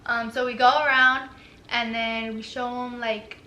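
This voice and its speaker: A woman's voice: on the high side, little pitch movement, unhurried, bright, forceful tone, slight background noise. A young woman chiming in on a shared story, hesitant and full of fillers. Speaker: co-host. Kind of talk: casual storytime chat. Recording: echoey room, faint ambience.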